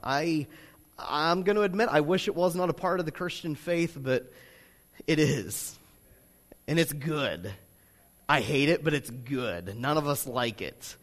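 A man preaching a sermon as pastor, talking in a loose, conversational way with lots of fillers, then pushing into loud, emphatic stretches. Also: a little high. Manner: conversational preaching full of "you know" fillers, rising to loud emphatic bursts. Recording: long hall reverb.

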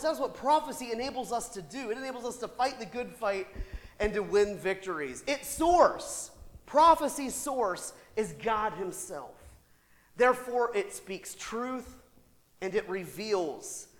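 In a church sanctuary, a male pastor preaches a sermon in a lively, conversational style, his pitch swinging widely. He's animated, tossing quick rhetorical asides to the congregation and laughing, while a long hall reverb lingers after every phrase.

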